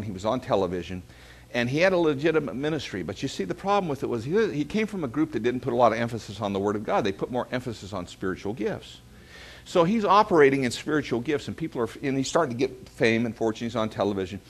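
A man, preaching a sermon as pastor, telling stories and calling the congregation to say amen. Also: medium pitch. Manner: storytelling preacher calling for amens.

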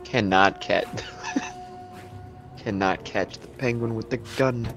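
A man's voice: lowish voice, slow, music in the background. A young man co-hosting a casual video game playthrough, joking, laughing often and coughing now and then. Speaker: co-host playing a video game. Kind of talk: casual gaming chat.

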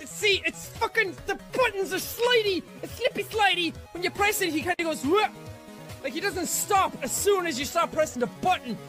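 A man giving raging gameplay commentary, swearing constantly and yelling in frustration. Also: very high-pitched, moderate pace, faint music behind. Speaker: gamer streaming a game.

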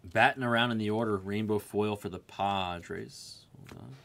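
Low-voiced man calling out trading cards. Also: normal speed, creaky, fairly bright tone, slight background noise. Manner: rattles off player names and card types, chatting to viewers. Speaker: sports card break host. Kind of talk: live card break call-outs.

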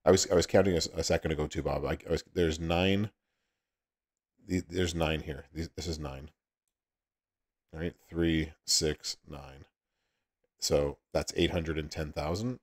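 A man's voice: very deep voice, steady tone, a little slow, pauses often. A man with a Southern US accent hosting a livestream, chatting casually with viewers and laughing often. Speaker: livestream host.

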